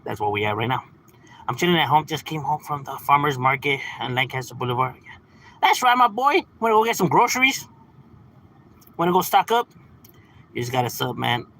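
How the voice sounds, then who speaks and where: A man's voice: mid-range voice, animated, fairly quick, long pauses, sharp tone, poor audio. A man in his thirties from California, talking casually on a livestream in a laid-back, slangy way and laughing often. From San Fernando Valley, California. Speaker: livestream host.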